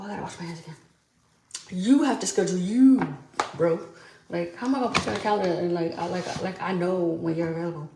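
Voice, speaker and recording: A woman's voice: on the low side, noisy background. A young woman with a New York accent hosts a podcast solo, chatting casually while doing her makeup, candid and profane. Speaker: podcast host. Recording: echoey room.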